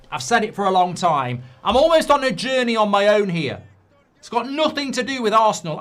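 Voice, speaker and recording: A middle-aged man hosting a live football watchalong, reacting to the match. He swings between muttered analysis and loud outbursts. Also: fairly high pitch. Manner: excitable, swings from muttering to shouting.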